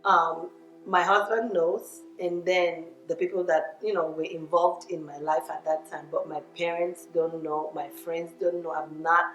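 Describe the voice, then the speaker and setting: A woman's voice: lowish voice, fairly even intonation, measured pace. A middle-aged Nigerian woman telling her own immigrant story in an earnest, reflective way. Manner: earnest, reflective, with small laughs and self-corrections. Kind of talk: personal testimony monologue. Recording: echoey room with faint music.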